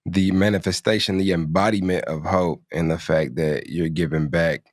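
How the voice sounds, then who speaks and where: A man co-hosting a casual podcast, speaking slowly, thoughtfully and sincerely. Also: deep voice, steady tone, no room sound, studio quality. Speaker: podcast co-host. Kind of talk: casual interview talk.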